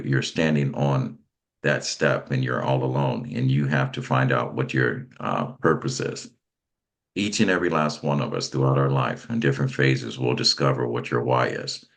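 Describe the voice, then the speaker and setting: A man with a very deep voice hosts a motivational talk. His voice has a gravelly, rough edge, and he stops and starts, repeating words as he goes. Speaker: host.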